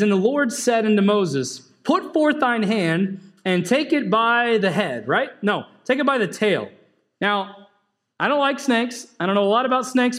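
A man with a high, light voice preaches to a congregation. His delivery is casual and chatty, full of questions to the room and quick asides. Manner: conversational preaching, asks the congregation questions, laughs. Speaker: pastor. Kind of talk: sermon.

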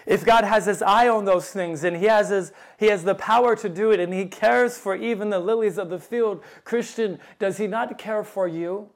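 A male preacher delivers a fervent sermon in a high, ringing voice. He leans into old scripture wording and presses his listeners with urgent questions. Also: normal speed, few pauses. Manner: fervent, rising to loud emphatic appeals.

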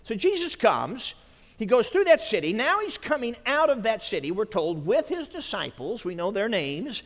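A man preaching a sermon at a conference, dramatic, dropping to a hush and then rising to shouts. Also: high voice, big pitch swings, moderate pace. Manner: dramatic, swings from hushed to shouting. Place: large conference hall. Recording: long reverb of a large hall.

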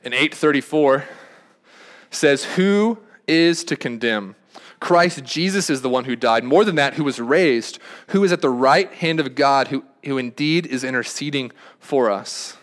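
A man's voice: mid-range voice, a little slow. A young man preaching a sermon as a pastor, talking conversationally with frequent restarts and asides. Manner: conversational, rambling with many restarts.

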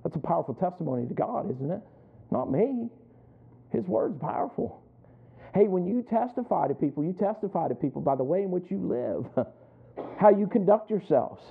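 High-voiced male preacher on a tinny line. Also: moderate pace, creaky, husky. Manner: animated storytelling, acting out both sides of a conversation; chuckles between lines. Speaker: pastor. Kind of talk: sermon with personal stories. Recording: tinny phone-like sound.

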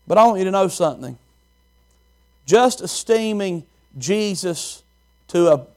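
A man preaching a folksy, animated sermon and quizzing the congregation. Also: on the high side. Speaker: pastor.

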